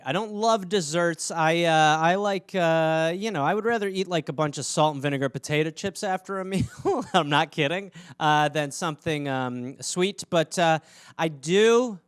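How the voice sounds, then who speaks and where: A man's voice: on the high side, a bit bright, clean tone, no echo, studio quality. A man hosting a comedy podcast, riffing alone in a rambling, sarcastic, mock-outraged way. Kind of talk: solo comedic riffing monologue.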